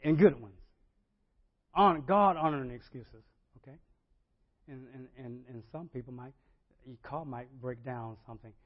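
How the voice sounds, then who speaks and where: A man's voice: medium pitch, moderate pace, long pauses, lo-fi sound. A male pastor delivering a sermon conversationally, often checking in with the congregation.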